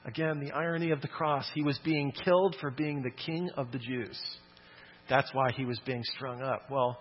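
Husky-voiced man preaching a sermon. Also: mid-range voice, steady tone, moderate pace, muffled recording. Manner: conversational, emphatic, often tags sentences with "okay?". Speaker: pastor.

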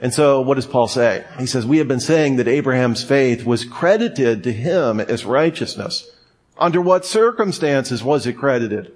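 A man's voice: mid-range voice, expressive, moderate pace, a little mellow. A man preaching a sermon in a conversational way, with joking asides. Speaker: pastor.

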